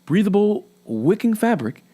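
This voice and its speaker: Slightly high man reading odd news. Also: very animated, normal speed, mellow, husky. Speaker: podcast co-host reading news items. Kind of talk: reading funny news stories aloud.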